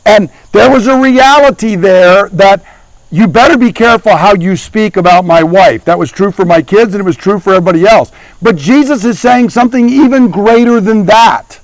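A man's voice: high voice, normal speed, no echo, poor audio. A middle-aged man preaching a sermon as pastor, earnestly asking his congregation questions as he teaches.

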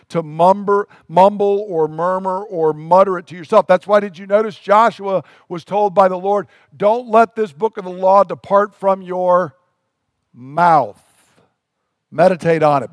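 A man's voice: high-pitched, no room sound, clean studio sound. A male pastor preaching an earnest sermon, emphatic and full of rhetorical questions.

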